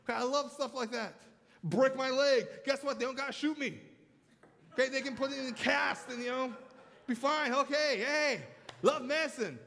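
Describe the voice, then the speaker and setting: A man's voice: very high-pitched, normal speed, gravelly, bright, forceful tone, big-room sound. A man preaching a sermon as pastor, telling stories and calling for amens from the congregation. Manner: storytelling preacher, calls for amens.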